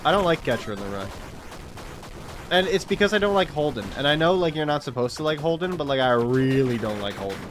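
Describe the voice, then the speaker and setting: A man's voice: a little high, expressive, a little fast, background noise. A young man streaming a game and chatting casually, rambling and swearing with frequent laughs. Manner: rambling, profane, laughs often. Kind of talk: casual gaming chat.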